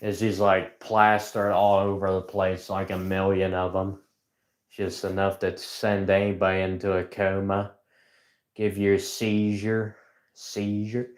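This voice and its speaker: Guy livestreaming from a house, slow drawl, kinda low, sarcastic rambling jokes. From rural United States. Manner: sarcastic, rambling, jokey deadpan asides. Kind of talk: rambling comedic livestream chat. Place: indoors in a house.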